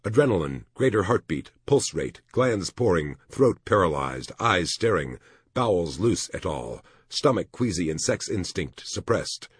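A man narrating an audiobook in an expressive storytelling manner. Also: sits low, a little slow, slightly rough, no echo, clean studio sound.

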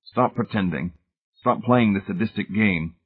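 A man voicing a terrified, desperate man who speaks hoarsely and accusingly, recorded with a tinny phone-like sound. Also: lowish voice, a little slow. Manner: strained, accusing.

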